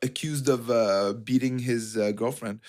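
A man's voice: mid-range voice, steady tone, a little slow, a little mellow. A man co-hosting a casual podcast, joking and swearing through banter. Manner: laughing, profane banter. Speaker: podcast co-host.

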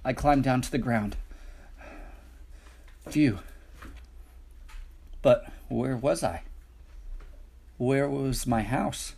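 A man's voice: medium pitch, extremely slow, gravelly, long pauses, darkish tone, husky. A man reading picture books aloud with a rhythmic, playful delivery. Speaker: storybook reader.

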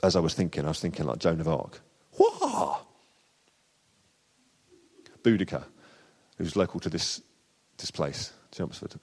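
Low-voiced preacher in a hall. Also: male voice, fairly quick, a little mellow. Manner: conversational, with frequent fillers and restarts. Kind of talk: sermon. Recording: long church hall reverb.

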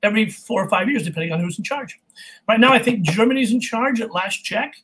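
A man from California, a voice actor, chatting as an interview guest in an animated, jokey way. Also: high-pitched, quick pace, husky, rough recording. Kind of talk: casual interview chat.

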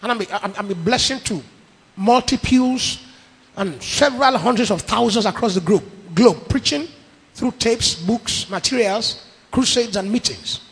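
A man's voice: high-pitched, unhurried, a bit bright, breathy edge. A middle-aged man with a Nigerian accent preaching a sermon, emphatic, piling up repeated phrases. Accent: Nigerian English. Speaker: pastor. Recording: long echo of a large hall.

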